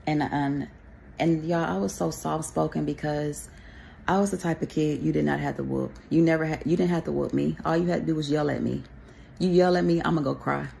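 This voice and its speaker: A woman's voice: sits low, steady tone, brisk, vocal fry, dark tone, slight background noise. A woman from Texas speaking to a camera, sharing a personal faith testimony in a rambling, conversational way with pious asides.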